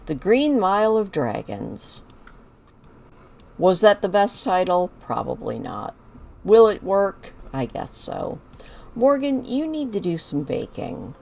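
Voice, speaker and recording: A woman's voice: mid-range voice, sing-song, slow pace, gravelly, a little mellow. A woman chatting casually as she narrates her own moves while playing a life-sim game. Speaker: gaming video creator.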